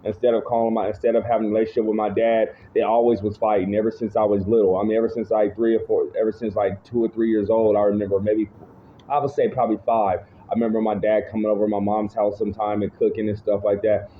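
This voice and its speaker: A fairly low-voiced man speaks through tinny, phone-like audio with a faint hiss underneath. He tells his testimony casually and rambles, restarting his sentences and checking in with "you know what I'm saying". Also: little pitch movement, quick pace. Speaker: speaker giving personal testimony.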